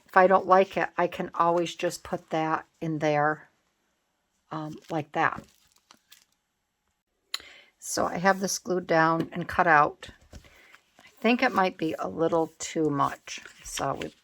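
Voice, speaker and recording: A craft channel host narrates her art journal work casually, thinking aloud, musing and changing her mind as she goes. Her voice is fairly low and a bit bright with a steady tone, and she speaks slowly with frequent pauses.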